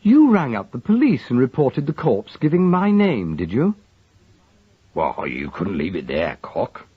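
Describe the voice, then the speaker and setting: A man voicing a truculent middle-aged Cockney manservant with a husky, grumbling, slangy delivery, on a dull lo-fi recording. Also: mid-range voice, huge pitch swings, measured pace, dry recording, voice pushed up, heavily acted. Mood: rattled.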